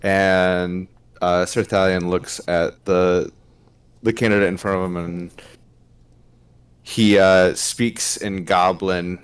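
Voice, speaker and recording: A man's voice: low-pitched, flat delivery, takes it slowly, clear, resonant tone. A man narrating and voicing his character in a tabletop role-play game, with frequent fillers. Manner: hesitant, many fillers. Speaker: player voicing a knight.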